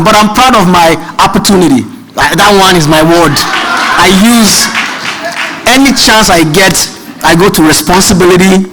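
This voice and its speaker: A man with a Nigerian accent tinged with British tones, speaking in a high voice. He tells self-mocking stories in an animated way to a seminar audience. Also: moderate pace, crowd noise, low-quality recording. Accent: Nigerian, mixed with British. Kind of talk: humorous storytelling speech.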